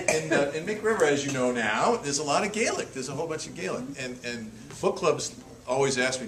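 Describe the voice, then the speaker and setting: A man giving a humorous storytelling talk to a live audience. He laughs often and repeats words as he restarts his sentences. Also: high-pitched. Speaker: author giving a public talk. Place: senior center hall with an audience. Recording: echoey hall, loud audience laughter and noise.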